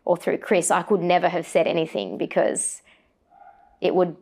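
A woman's voice: lowish voice, flat delivery, normal speed, darkish tone. A woman, a sports presenter, chatting as an interview guest with lots of fillers and restarts. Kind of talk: casual interview chat.

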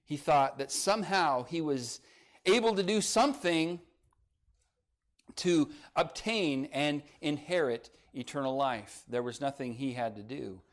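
A man delivers a sermon in a voice sitting a little above the usual male range. He swings from emphatic, raised lines down to hushed, low asides. He reads scripture in old-style phrasing. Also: measured pace. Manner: preaching with rising emphasis and quiet drops. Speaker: pastor.

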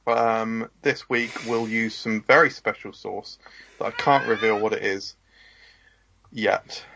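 A man co-hosting a podcast, chatting casually in a relaxed, offhand way with dry jokes. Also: lowish voice, takes it slowly, gravelly, slight background noise. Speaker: podcast co-host. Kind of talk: casual chat. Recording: dull lo-fi podcast audio.

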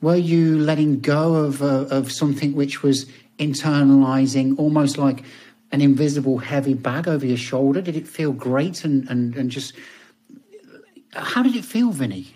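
Cast: male podcast host, husky voice, stumbling and repeating words while framing questions. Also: medium pitch, normal speed, mellow. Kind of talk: interview questions.

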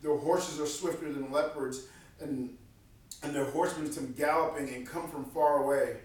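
Animated male preacher, high voice, boomy hall sound. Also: normal speed. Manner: animated, acts out voices of God and prophets. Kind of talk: sermon. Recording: echoey room from far off.

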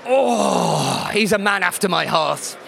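A man hosting a live quiz show in a deadpan, sarcastic way, slightly hoarse as he loses his voice. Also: high-pitched, slow pace, a little hiss or hum. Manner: deadpan sarcasm, teasing the audience.

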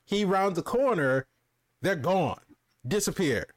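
A man's voice: high voice, slow pace, dry recording, clean studio sound. A man casually recapping a TV episode for a review show, acting out the characters' lines along the way. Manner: animated recapping with goofy impressions. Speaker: podcast co-host reviewing a TV show. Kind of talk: casual chat.

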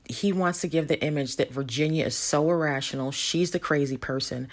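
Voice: medium pitch, a little fast. A reality show commentator giving casual, opinionated commentary and talking straight to the viewers.

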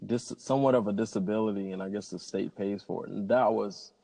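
A man's voice: lowish voice, fairly even intonation, a little fast, vocal fry, dark tone. A man, a pilot telling stories in a casual interview in an upbeat, rambling way. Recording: long hall reverb.

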